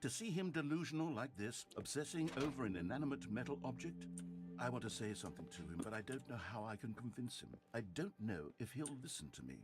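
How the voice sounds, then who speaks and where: An actor playing a male game narrator with measured, dryly sarcastic storytelling over game music. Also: mid-range voice, sing-song, lightly acted. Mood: wry. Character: wry male narrator, dry and fretful. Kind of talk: scripted narration.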